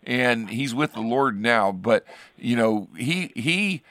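A man's voice: mid-range voice, lively intonation, slow pace, a bit bright, no room sound, studio quality. An older man from Ohio, a pastor hosting a casual chat, telling rambling stories with frequent restarts and chuckles. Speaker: pastor and show host.

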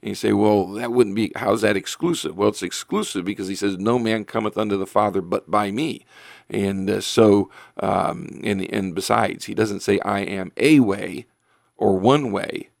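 A man's voice: fairly low pitch, creaky, dry recording, studio quality. A man who hosts a radio program as a pastor, preaching in an earnest, emphatic way with frequent ums and restarts. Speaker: pastor and radio show host. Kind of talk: radio talk show preaching.

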